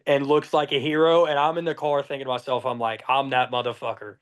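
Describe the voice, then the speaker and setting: A young man from Georgia, telling profane, lively race stories as a podcast guest. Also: a little high, fast, clean tone. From Georgia, USA. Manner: profane, lively anecdotes with acted-out dialogue. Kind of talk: casual storytelling.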